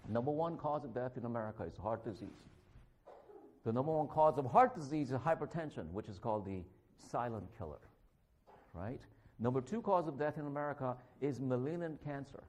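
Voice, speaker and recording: A man who is a physician, giving a conversational sermon in a church, animated and joking as he acts out confrontations. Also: medium pitch, brisk. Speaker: guest preacher, physician.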